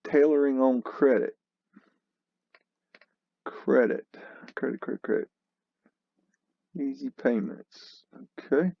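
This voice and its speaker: A man's voice: mid-range voice, takes it slowly, gravelly, long pauses, no room sound, lo-fi sound. A man hosting a casual commentary over old photos, scoffing and exclamatory, with a mocking edge. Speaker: host.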